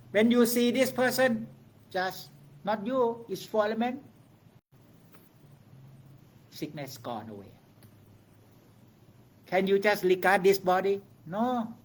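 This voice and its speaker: A man teaching meditation to a group in a room, speaking in simple, halting English and often stopping to ask "okay?". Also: high voice.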